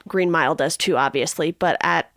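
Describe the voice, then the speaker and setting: A woman's voice: low-pitched, moderate pace, vocal fry, a bit bright, no room sound, clean studio sound. A woman co-hosting a podcast, talking steadily and thoughtfully in a casual film discussion. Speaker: podcast co-host.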